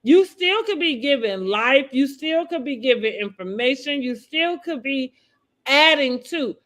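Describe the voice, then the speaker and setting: A woman hosting a casual podcast chat, talking in loose restarts and quoting others in a lowered voice. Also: lively intonation, a little slow, a bit bright. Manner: talks in loose restarts, quotes people in a dropped voice. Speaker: podcast host. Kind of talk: casual chat about reality TV.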